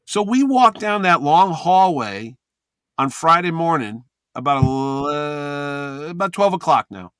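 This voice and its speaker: Animated man telling a story, dry sound. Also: a little high, a little slow, clean tone, no room sound. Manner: animated anecdote teller, acts out quoted voices. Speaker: convention organizer telling a story. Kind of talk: casual storytelling chat.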